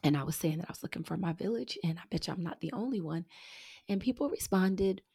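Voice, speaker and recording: A middle-aged woman hosting her own show, talking earnestly and warmly to listeners she calls y'all, sometimes dropping to a breathy near-whisper. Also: fairly low pitch, animated, fast, no room sound, clean studio sound. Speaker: podcast host. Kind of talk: heartfelt casual monologue.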